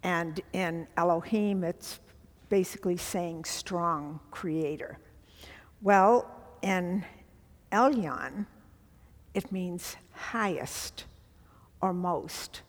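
Slow, earnest middle-aged woman teaching scripture. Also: lowish voice, in a large hall. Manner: earnest, emphatic, with asides to the group. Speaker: Bible study teacher. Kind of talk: Bible teaching to a women's group.

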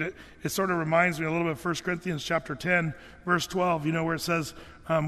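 Male pastor, high voice, earnest chatty sermon, in a reverberant hall. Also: a little fast, fairly bright tone. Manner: conversational, earnest, with many fillers and restarts.

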